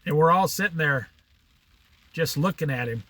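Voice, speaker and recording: A man's voice: on the high side, moderate pace, no echo. A middle-aged man telling a casual story, acting out the people in it with a raised voice and laughing at his own tales. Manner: animated, acts out quotes with a raised voice. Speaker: vlogger.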